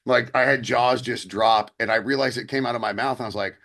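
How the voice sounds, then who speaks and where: A man's voice: medium pitch, fairly even intonation, fairly quick, fairly bright tone. A young man co-hosting a podcast, telling stories in a rambling casual way with many fillers and restarts. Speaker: podcast co-host. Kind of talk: casual chat.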